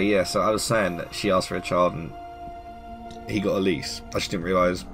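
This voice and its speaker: A man narrating his playthrough, chatty and quick to react, with a low, gravelly voice that bounces up and down. Faint music plays behind. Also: a bit bright. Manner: chatty, reactive, laughs often. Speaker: let's play gamer. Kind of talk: casual game commentary.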